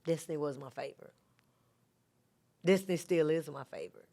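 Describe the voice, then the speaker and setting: A middle-aged woman, a podcast guest who talks softly and reflectively, with many fillers. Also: sits low, fairly quick. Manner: soft-spoken, reflective storytelling with many fillers. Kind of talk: casual interview talk.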